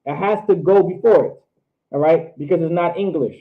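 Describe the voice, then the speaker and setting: A man teaching a language class, repeating phrases slowly and drilling each word. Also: on the high side. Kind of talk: online class lecture. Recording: tinny phone-like audio.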